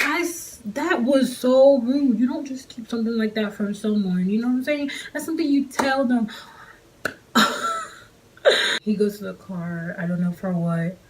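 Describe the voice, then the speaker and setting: A woman telling a personal story casually for a vlog, in an animated, slangy way, her pitch jumping up on quoted lines. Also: slight background noise, rough recording.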